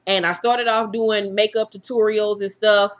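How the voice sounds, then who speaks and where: A woman's voice: mid-range voice, little pitch movement, moderate pace. A woman in her thirties, a YouTube host, telling her viewers her own story in a frank, profane way and laughing through the hard parts. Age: 30s. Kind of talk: candid personal storytelling to viewers.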